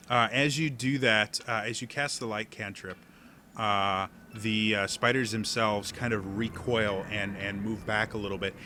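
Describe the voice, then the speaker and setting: A man narrating a tabletop game as game master, halting, with many fillers. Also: lowish voice. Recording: steady background noise.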